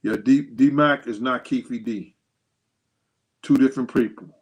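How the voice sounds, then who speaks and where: A man hosting a casual livestream, telling stories with animated quoted dialogue and thanking viewers by name. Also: mid-range voice, measured pace, highs cut off. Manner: animated storytelling, acts out quotes in a raised voice. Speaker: host.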